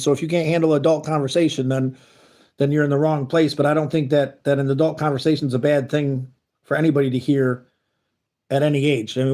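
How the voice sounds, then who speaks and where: A man hosts a casual livestream, reading chat messages and answering them in an earnest, rambling way. His voice is a little high with a darkish tone.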